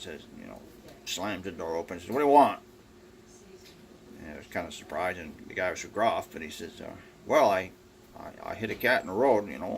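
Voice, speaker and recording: An older man with a low, gravelly voice tells farm jokes at home, wandering through his stories with plenty of "uh" and "you know." He jumps into the voices of his characters as he goes. A faint hiss sits under the home camera recording. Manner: rambling, many fillers, acts out characters. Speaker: joke teller. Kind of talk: folksy joke telling. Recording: faint background noise.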